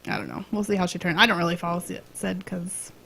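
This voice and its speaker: A woman's voice: fairly low pitch, very animated, fast talker, gravelly, bright, forceful tone, husky. A woman co-hosting a gaming podcast, sounding unenthused and trailing off in casual chat. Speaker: podcast co-host.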